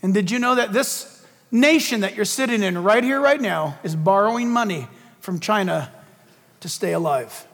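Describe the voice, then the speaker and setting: High-voiced fervent male preacher in a hall. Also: lively intonation, moderate pace, fairly bright tone. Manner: emphatic, fervent, rhetorical questions. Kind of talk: political sermon.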